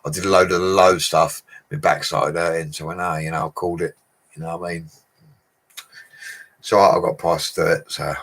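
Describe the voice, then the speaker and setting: A man with a low, deep voice chats with his livestream viewers in an easy, matey way. He speaks, reads comments aloud and laughs often. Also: flat delivery, moderate pace, vocal fry, pauses often, fairly bright tone. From England. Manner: chatty, laughs often, talks to viewers as mates. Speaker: bricklayer livestreamer. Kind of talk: casual livestream chat reading comments.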